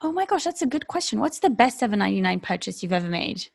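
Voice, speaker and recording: A woman's voice: mid-range voice, sing-song, quick pace, creaky. A young woman co-hosting a podcast over a video call, sarcastic and swearing a lot in casual chat. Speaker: podcast co-host.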